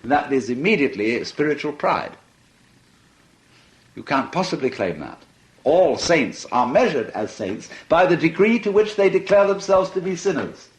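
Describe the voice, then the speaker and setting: A man's voice: on the high side, big pitch swings, normal speed. A man giving a reflective philosophy talk, musing and playful, often laughing as he speaks. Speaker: philosophy lecturer. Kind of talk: reflective archival lecture.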